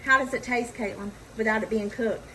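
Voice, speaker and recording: A woman's voice: a little high, steady tone, fairly quick, background noise. A woman hosting a casual home cooking video, chatting and joking at her own mistakes as she works. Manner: self-mocking, chatty, talks to viewers while cooking. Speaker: cooking vlog host. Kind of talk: casual cooking demo chat. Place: home kitchen. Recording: home kitchen with loud sizzling. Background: frying and sizzling pan.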